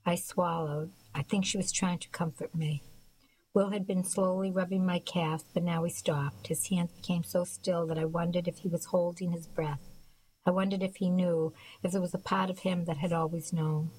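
A woman reading a first-person novel aloud in a soft, measured, reflective way. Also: fairly low pitch, flat delivery, breathy edge, poor audio. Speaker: audiobook narrator. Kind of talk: scripted first-person narration.

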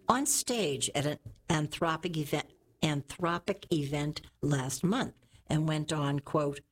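A woman reading newspaper opinion columns aloud in a slow, careful way. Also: low voice. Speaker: newspaper reader.

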